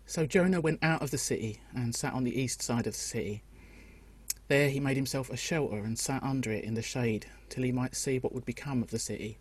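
A man reading a passage of scripture aloud in a steady, measured way. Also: medium pitch, slightly rough, no room sound. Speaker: scripture reader.

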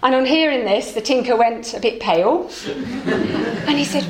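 A woman minister giving a sermon as a lively storyteller, acting out the characters as she goes. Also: high-pitched, normal speed, long pauses, roomy sound, crowd noise.

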